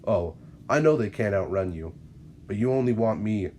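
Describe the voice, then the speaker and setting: A man's voice: fairly low pitch, expressive, moderate pace, dark tone, slight background noise, natural voice. A man reading the lines of an earnest young male superhero in a fan-written story. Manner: urgent, earnest.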